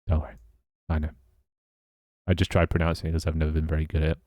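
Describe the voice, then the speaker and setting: A British man with a deep, low voice, talking half to himself and half to his viewers while he works on code. He grumbles and swears when something breaks and then drifts into easy chat. The sound is close and dry, with no room around it. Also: monotone, fast, warm tone, dry recording. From Britain. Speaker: streamer. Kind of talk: casual live-stream chat while coding.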